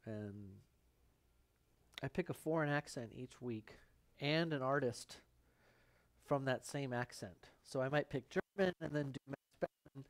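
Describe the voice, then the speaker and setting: This medium-pitched male voice moves a little slowly as he rambles through a live painting demonstration. He's the show's host, talking to himself and tossing out joking asides while he paints in a studio.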